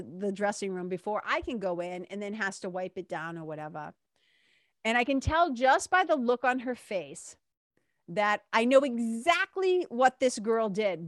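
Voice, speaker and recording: A woman's voice: mid-range voice, dry recording, clean studio sound. A woman telling a story in a casual, candid way, swearing now and then and acting out what other people said. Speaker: vlogger.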